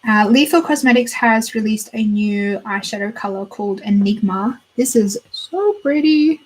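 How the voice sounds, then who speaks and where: A young woman with a slightly husky voice chats about new beauty releases. She gushes and thinks out loud as she browses, and her voice sits at an everyday middle pitch. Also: normal speed, poor audio. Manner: chatty, gushing, thinks aloud while browsing. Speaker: beauty channel host. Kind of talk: casual chat.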